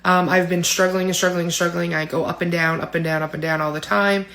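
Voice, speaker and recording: A woman in her forties speaks to camera in a personal vlog. Her voice sits fairly low, and she talks candidly, sometimes choked up, filling pauses with ums and small laughs. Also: little pitch movement, a bit bright. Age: 40s. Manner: candid and emotional, with frequent fillers and laughs. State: tearful at times. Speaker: vlogger.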